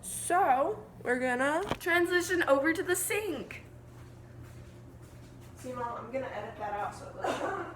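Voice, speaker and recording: Her voice sits high, with lively intonation and an unhurried pace: a teenage girl vlogging casually about cooking from her kitchen at home. She is joking and self-deprecating, filmed on a phone in an echoey room with faint noise.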